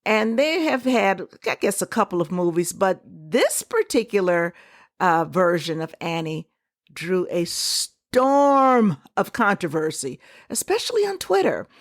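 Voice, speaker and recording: A woman hosting a solo podcast, giving her opinions in a conversational, emphatic way with quick asides. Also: on the low side, very animated, dry recording, clean studio sound. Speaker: podcast host.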